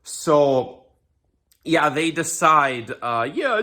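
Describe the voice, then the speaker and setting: Sarcastic, animated young man ranting. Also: a little high, measured pace. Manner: sarcastic, profane, mocking, with frequent fillers and restarts. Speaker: commentary ranter. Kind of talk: casual rant commentary.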